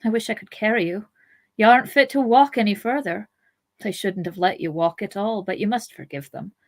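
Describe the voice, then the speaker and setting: A woman's voice: mid-range voice, a little fast, close to an everyday voice. Woman voicing Pippin, an anxious young hobbit. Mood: urgent. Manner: urgent, coaxing, raised voice.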